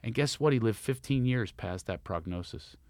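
Male comic guest in a podcast chat, mid-pitched voice, dry close sound, jumps into high voices for quoted lines. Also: normal speed, dry recording. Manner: animated storyteller, acts out quotes with big pitch jumps. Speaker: comedian guest. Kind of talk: casual storytelling chat.

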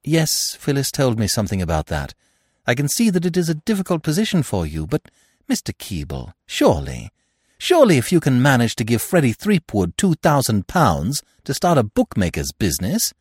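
A man's voice: mid-range voice, wildly swooping pitch, moderate pace, darkish tone, husky, dry recording, studio quality, voice pushed up. A man reading the part of an earnest young woman who speaks directly and firmly. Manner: pleading, insistent.

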